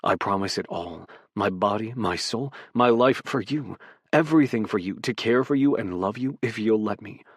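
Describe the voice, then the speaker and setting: A man voicing a gruff but tender adult male footballer, speaking low and hushed in an audiobook. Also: normal speed, no echo, studio quality. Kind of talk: audiobook character voice.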